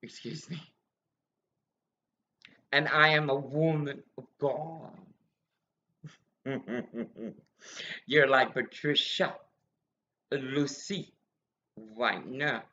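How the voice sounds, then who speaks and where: A woman's voice: rumbling low, extremely slow, long pauses, sharp tone, dull audio. A woman ranting angrily and bitterly in a rambling monologue that jumps between accusations.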